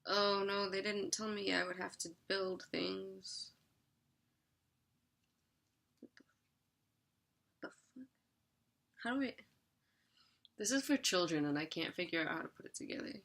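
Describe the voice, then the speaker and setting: A woman's voice: medium pitch, normal speed, gravelly, pauses often, a bit bright. A young woman vlogging an unboxing in a chatty, giggly way, sometimes talking while she eats. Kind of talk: casual unboxing chat.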